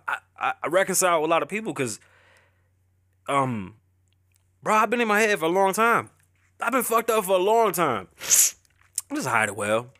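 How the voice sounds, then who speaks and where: A man's voice: a little high, sharp tone, no echo, studio quality. A middle-aged man hosting a podcast, talking candidly and emotionally about his family and his struggles, profane and rambling. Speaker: podcast host. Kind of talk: candid personal talk.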